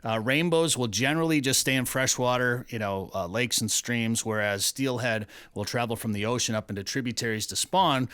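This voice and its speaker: Guy hosting a radio show, bright punchy voice, chatty and rambling, dry studio mic. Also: medium pitch, normal speed, few pauses, smooth, no room sound. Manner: chatty, loose storytelling with restarts. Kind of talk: casual radio banter and trivia.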